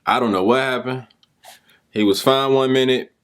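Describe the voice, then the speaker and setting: A young adult man giving a motivational talk, telling a story in an animated, informal way. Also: moderate pace, smooth. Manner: animated, informal, pitch jumps with emphasis. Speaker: speaker and mentor.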